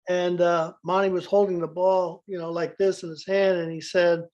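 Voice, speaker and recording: A man's voice: high-pitched, steady tone, normal speed, darkish tone, lo-fi sound. A man telling stories to a group, acting out quoted lines and laughing as he goes. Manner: laughs through anecdotes, acts out quotes. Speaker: guest speaker. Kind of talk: storytelling in a group video session.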